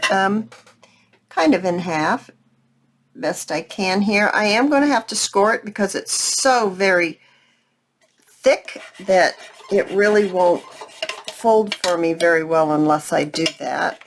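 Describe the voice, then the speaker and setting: A chatty woman walks viewers through a craft project at an unhurried pace, her pitch rising and falling in lively swings. She teases herself as she works. A faint hiss sits under her voice. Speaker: crafting channel host. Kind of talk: casual craft tutorial.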